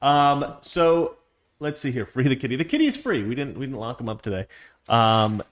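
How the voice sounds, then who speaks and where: A man's voice: mid-range voice, lively intonation, normal speed. A man hosting a home livestream, reading viewer messages and giving opinionated commentary that rambles and restarts often. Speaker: live stream host.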